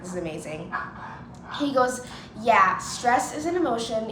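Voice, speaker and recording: A young woman vlogger telling personal stories in a casual, chatty way, full of "like", and acting out what people said. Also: on the high side. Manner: chatty, lots of "like", acts out quoted voices. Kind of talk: casual storytelling to camera. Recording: echoey room with clear ambient noise.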